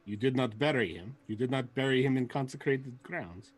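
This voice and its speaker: Blunt, bold warrior priest, husky, played by a man. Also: mid-range voice, normal speed, natural voice. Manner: blunt, plain declarations.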